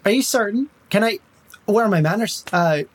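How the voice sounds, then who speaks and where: A man voicing a smooth-talking male elf bard with an Irish accent, lilting and evasive, in a tabletop game. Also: animated, moderate pace. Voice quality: lilting, wheedling, pitch rising when pressed. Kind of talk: tabletop role-play in character.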